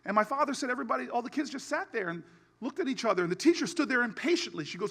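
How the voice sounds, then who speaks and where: A man giving a keynote speech with a humorous storytelling streak, building to a rousing finish with shouted repetition. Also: very high-pitched, lively intonation, racing, gravelly. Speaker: keynote speaker.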